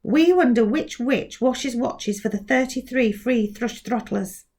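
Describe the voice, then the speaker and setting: Clever little girl, careful and precise, slowish, a woman teacher reading. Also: fairly high pitch, background noise. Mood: determined. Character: clever determined young girl.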